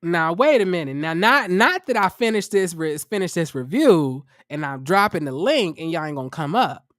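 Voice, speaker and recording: A man hosting a livestream review of a reality show, tired, talking casually to his viewers in a profane, incredulous, animated way. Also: on the high side, moderate pace, no room sound, studio quality. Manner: chatty, addresses viewers as y'all.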